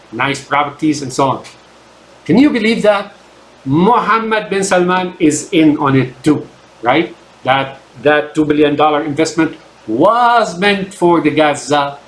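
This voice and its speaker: A man's voice: a little high, low-quality recording. A man whose first language is Arabic gives a rambling, emphatic monologue to his viewers, often stopping to ask "right?". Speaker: channel host. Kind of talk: ranting monologue to camera.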